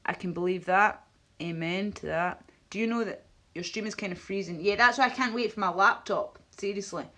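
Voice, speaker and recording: A Scottish woman, a live streamer, talks in a loose, rambling way, swearing freely and hopping from one topic to the next. Her voice sits somewhat low for a woman. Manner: blunt, swears a lot, jumps between topics.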